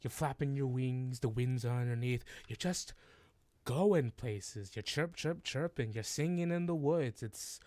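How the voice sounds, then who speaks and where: A scrappy little goblin squire, high-pitched and excitable, wheedling and rambling in a tabletop game, as a man puts him on. The sound is dry and close. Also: a little slow, no echo, close to an everyday voice. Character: scrappy fast-talking male goblin squire.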